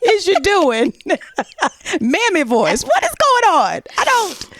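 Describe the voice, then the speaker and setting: A woman putting on an exaggerated, high caricature voice to mock a stereotype in a comedy podcast bit. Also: wildly swooping pitch, takes it slowly, fairly bright tone, full character voice. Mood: incredulous mocking. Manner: incredulous, high and squealing.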